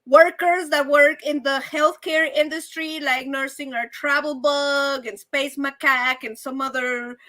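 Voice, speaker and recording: A woman hosts a casual live stream, talking in an animated, chatty way and calling her viewers y'all. Her voice sits high and sounds bright.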